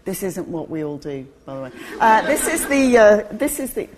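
A woman's voice: mid-range voice, big pitch swings, moderate pace, noisy background. A woman co-hosting a casual talk, chatty and self-mocking. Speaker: co-host.

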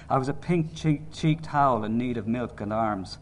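Man, audiobook narrator, mid pitch, measured sombre delivery, faint background hiss.

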